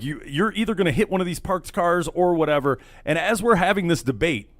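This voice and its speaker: A man with a fairly high voice tells a rowdy story on a late-night radio talk show, animated and loose, playing out each line of dialogue. The sound is dry and close, with no room around it. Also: no room sound. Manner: animated storyteller, acts out quotes. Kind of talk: casual storytelling chat. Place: studio.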